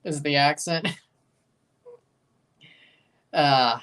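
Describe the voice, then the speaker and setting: A woman's voice: deep voice, extremely slow. Opinionated woman reacting to a live match. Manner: casual, opinionated, bursts into excited shouts. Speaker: watchalong host.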